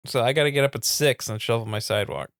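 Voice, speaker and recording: A man's voice: mid-range voice, fast talker, no room sound, studio quality. A man co-hosting a podcast in easygoing casual chat. He laughs often. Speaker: podcast co-host.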